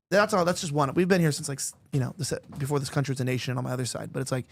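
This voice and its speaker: A man's voice: mid-range voice, racing, gravelly, hardly any pauses. A young man hosting a podcast in casual chat, rambling and filling his talk with "like". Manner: rambling, heavy use of "like". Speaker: podcast host.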